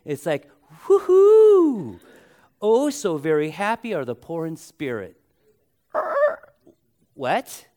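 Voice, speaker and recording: A man with a slightly raised pitch delivers a sermon to his congregation. He hammers his points through repetition and slows down to stretch the key words. He also invites listeners to repeat phrases back to him. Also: sing-song. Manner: leads the congregation in call-and-response. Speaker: pastor.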